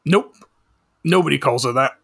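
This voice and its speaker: A man joins the podcast over a remote call as a guest, and his voice sits at an average pitch for a man. He delivers his jokes deadpan and mock-serious, and his delivery stays dry throughout. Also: moderate pace, creaky, husky. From Scotland. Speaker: podcast guest, author and social researcher. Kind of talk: casual comedic chat.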